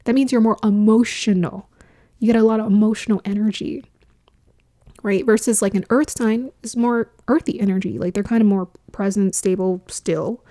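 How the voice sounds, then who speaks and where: A woman's voice: mid-range voice, fairly even intonation, moderate pace, dark tone. A woman giving a casual spiritual astrology talk, musing aloud, laughing often and dropping into whispers for emphasis.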